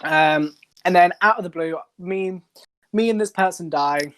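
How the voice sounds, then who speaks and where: A young man, casually telling a funny story as a co-host of a group stream, animated and blunt. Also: high voice, a little slow.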